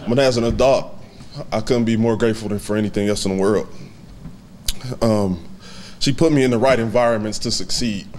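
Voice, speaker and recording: A man in his thirties giving a heartfelt, halting acceptance speech at a hall of fame banquet, fighting back tears and laughing softly. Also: mid-range voice, steady tone, a little hiss or hum.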